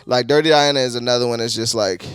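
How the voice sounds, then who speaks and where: A young man reviewing music in a casual, excitable, slangy, rambling way. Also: mid-range voice, fast, smooth, dry recording.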